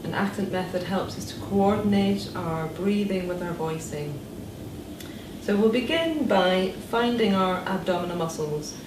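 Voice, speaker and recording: Slow-speaking woman voice therapist. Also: lowish voice. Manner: calm, slow instructional guidance. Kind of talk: demonstrating voice exercises. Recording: distant echoey room with background noise.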